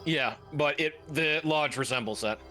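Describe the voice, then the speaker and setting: A man's voice: a little high, moderate pace, pushed and bright, soft background music. A man casually commenting while streaming a game, chatty and laid-back.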